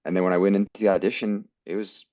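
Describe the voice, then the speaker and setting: Deep deep voice american guy telling his story in an interview, kinda dull audio. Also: flat delivery, quick pace, dark tone, no echo. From United States. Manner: earnest, quotes people in his stories. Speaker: guest actor.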